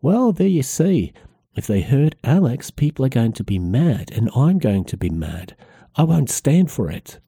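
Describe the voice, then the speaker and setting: A man's voice: sing-song, mellow, breathy edge, no echo, studio quality, heavily acted. A man reading aloud, voicing a stubborn, indignant middle-aged village woman in a raised voice. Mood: angry. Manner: raised pitch, drawn-out protesting delivery. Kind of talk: read-aloud novel passage.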